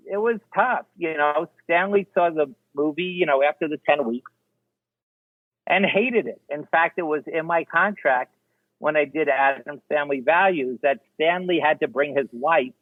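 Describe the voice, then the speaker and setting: A man's voice: a little high, no room sound. Older man telling stories over a tinny line. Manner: animated, acts out the people he quotes. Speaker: film director guest. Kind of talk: anecdotal interview storytelling. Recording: dry, tinny phone-like line.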